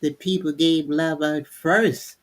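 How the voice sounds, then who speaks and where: A woman's voice: low voice, fairly even intonation, slow. An older woman, the mother of one of the hosts, co-hosting a casual faith chat with short, earnest statements. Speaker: co-host, mother of a host.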